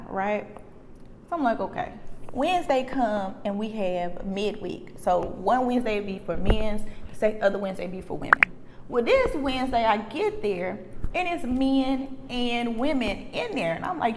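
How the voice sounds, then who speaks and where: Animated woman telling a story, slangy. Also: medium pitch, in a large hall, slight background noise. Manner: animated, slangy, quick asides with rising exclamations. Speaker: vlogger telling a personal story. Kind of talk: casual storytelling.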